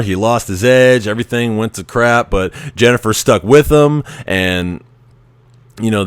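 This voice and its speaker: A man's voice: fairly low pitch, clean tone, dry recording. A man hosting a show, chatting casually about a film, rambling and often restarting his sentences. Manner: rambling, restarts often, acts out quoted lines. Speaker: podcast host. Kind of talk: casual movie commentary.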